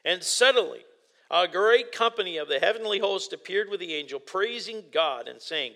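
A male preacher delivering a sermon in a high, bright, ringing voice. He reads scripture aloud and then talks it through with growing excitement. His sentences trip and restart, and he breaks into loud exclamations. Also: normal speed.

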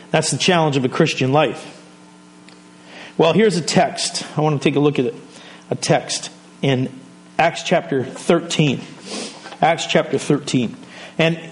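Man, middle-aged, pastor, high-pitched, conversational sermon, self-interrupting, jokey asides.

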